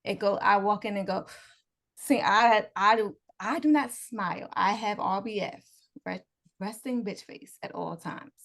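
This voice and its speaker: A woman's voice: mid-range voice, a little slow, creaky, a bit bright. A woman co-hosting a casual podcast over a video call, telling stories with laughter and acting out quotes. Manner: storytelling, laughing, acts out quotes. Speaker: podcast co-host. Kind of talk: casual chat.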